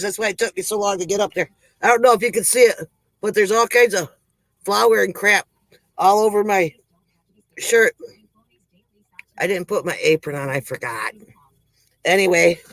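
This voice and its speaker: A man's voice: high voice, vocal fry, pushed and bright, dry recording, full character voice, rough recording. A man putting on Holly by Golly, breathless joke-telling country lady. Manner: rambling, sighing between jokes. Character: folksy joke-telling country woman host. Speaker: comedy show host. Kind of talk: comic monologue.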